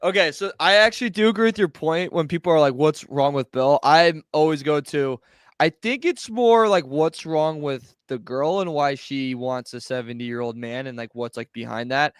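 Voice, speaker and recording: A podcast co-host with a somewhat high, smooth and clean voice who jumps into the conversation to make his point. He talks casually, with a dry, close sound. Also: no room sound. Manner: chatty, quick to chime in and argue his side. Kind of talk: casual chat.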